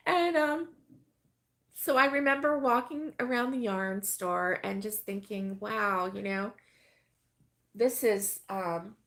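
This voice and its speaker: A woman's voice: medium pitch, slow pace, long pauses, a bit bright. A middle-aged woman hosting a casual crochet chat, rambling with many fillers and laughing often as she reads viewer comments. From United States. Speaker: host of a crochet live stream.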